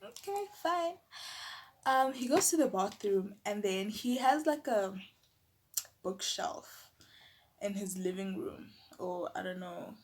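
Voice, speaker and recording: A young woman from South Africa with a South African accent, telling a personal story in a lively, chatty way full of filler words. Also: mid-range voice, slow pace. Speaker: YouTuber. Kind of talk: casual storytelling.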